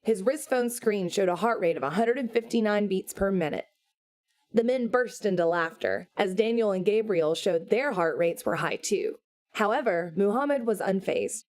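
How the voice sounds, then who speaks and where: A woman reading a novel aloud as audiobook narrator, in a measured, unhurried way. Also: mid-range voice, expressive, darkish tone. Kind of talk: scripted narration.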